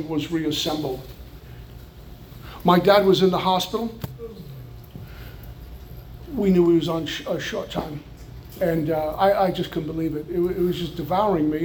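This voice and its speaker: With a New York accent, a man shares an earnest testimony of his recovery, now and then slipping in wry humor. His voice sits high and sounds a little mellow, and a slight hiss or hum runs under the recording.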